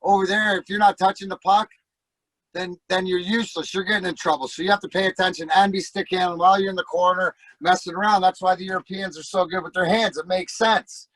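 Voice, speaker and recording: A middle-aged man, a former hockey player and podcast guest, telling profane stories in a casual, animated way and acting out the voices. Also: high-pitched, quick pace, no echo, rough recording. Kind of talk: casual storytelling.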